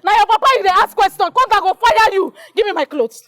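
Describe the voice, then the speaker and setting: An actress with a Nigerian accent playing a furious woman who loudly shames a man who owes her money, shouting in Pidgin. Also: very high-pitched, fast talker, dry recording, studio quality. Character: loud furious woman shaming a debtor in public. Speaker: businesswoman owed money. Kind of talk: Nollywood film acting.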